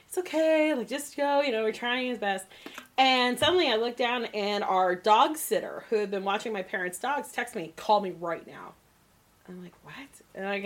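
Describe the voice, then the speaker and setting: Chatty woman telling a rambling story. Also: medium pitch. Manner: chatty, rambling, laughs often. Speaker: podcast co-host. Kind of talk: casual chat, storytelling.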